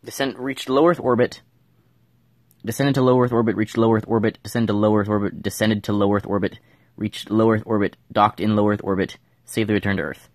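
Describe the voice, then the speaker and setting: A man's voice: lowish voice, fairly even intonation, brisk, no echo, clean studio sound. A man giving casual gameplay commentary, thinking aloud and mumbling with fillers as he plays at home. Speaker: gameplay streamer.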